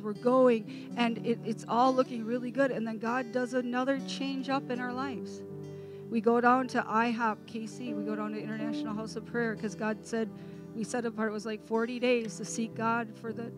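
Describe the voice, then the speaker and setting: A middle-aged woman preaching her testimony, impassioned, sometimes rising to near shouting. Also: a little high. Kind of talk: testimony sermon. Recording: music playing behind.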